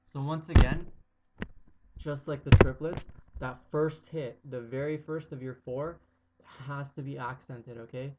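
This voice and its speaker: A man teaching drum rudiments in a casual video lesson. He talks in a relaxed way, checks in with "okay?" again and again, and counts out loud as he plays. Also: mid-range voice, unhurried. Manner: relaxed, repeats "okay?" often, counts aloud loudly while playing. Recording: dull lo-fi sound with faint noise.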